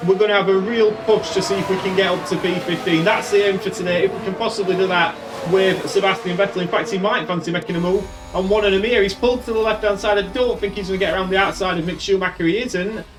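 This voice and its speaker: Commentating his racing management game, this gaming host sounds casual and exasperated as he runs through the race in a let's-play style. His high voice holds a steady tone at a quick pace with hardly any pauses. Game music plays behind a distant mic, and the background is noisy.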